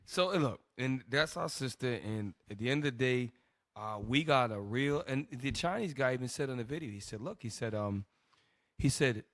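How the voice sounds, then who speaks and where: Loud scolding male host. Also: medium pitch, animated, normal speed, no room sound, studio quality. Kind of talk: religious broadcast segment.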